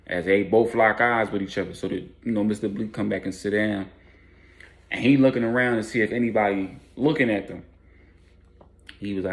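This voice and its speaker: A man's voice: fairly low pitch, fairly even intonation, fairly quick. A man casually narrating a street story in laid-back slang with fillers.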